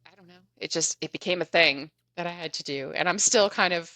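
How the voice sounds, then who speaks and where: A woman podcast guest telling a story in an animated, chatty way, often laughing as she goes. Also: on the low side, brisk, no echo. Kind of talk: casual storytelling.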